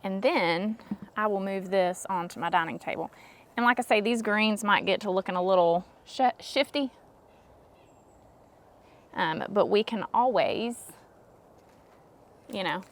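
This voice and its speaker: A woman with a mid-range voice speaks a little slowly, with long pauses. She's a craft vlogger at home, making a flower arrangement and giving casual how-to narration in a jokey, self-deprecating way.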